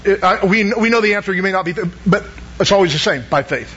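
A man's voice: high-pitched, fast talker, pushed and bright, slightly rough, lo-fi sound. A man preaching a sermon as pastor, in a conversational way that keeps calling out questions to the congregation.

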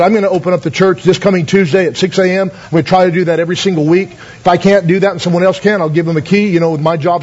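A man's voice: on the high side, a little mellow, husky, highs cut off. A man pastor telling stories in a sermon, folksy, with many fillers and calls of amen. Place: church.

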